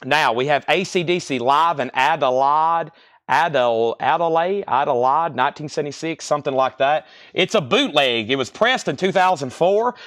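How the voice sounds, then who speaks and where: Man, live-stream record seller, fast repetitive auction calls, slightly high voice. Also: fairly bright tone, no room sound, studio quality. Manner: rapid-fire, repetitive calls of sales and prices.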